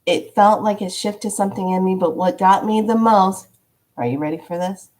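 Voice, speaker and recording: A heartfelt woman stranger , as a woman storyteller voices her, confides slowly and earnestly. Her words come haltingly, as if she were still searching for them. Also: medium pitch, a little mellow, lightly acted. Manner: slow, heartfelt, searching confession.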